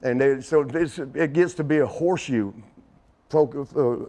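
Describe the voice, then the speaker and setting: A man's voice: a little high, a little slow, warm tone. A middle-aged man as an interview guest, telling a rambling anecdote in a casual way, often chuckling and acting out other people's lines.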